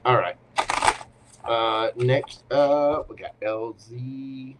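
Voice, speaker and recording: A man's voice: medium pitch, very slow, very noisy. A man hosting a live tarot Q&A, giving readings in a playful, teasing way with short punchy commands.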